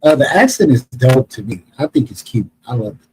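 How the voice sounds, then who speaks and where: A man hosting a podcast, asking questions in a relaxed, easygoing way. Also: mid-range voice, brisk, slight background noise, low-quality recording. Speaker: podcast host. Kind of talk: casual interview chat.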